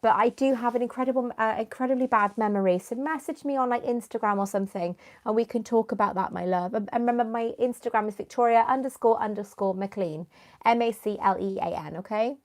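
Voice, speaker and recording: A young woman hosts a live stream, talking in a loose, rambling way and greeting viewers by name. Her voice sits a little high, and she sniffs and clears her throat from a runny nose. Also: fast. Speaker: YouTuber hosting a live stream. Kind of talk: casual live-stream chat.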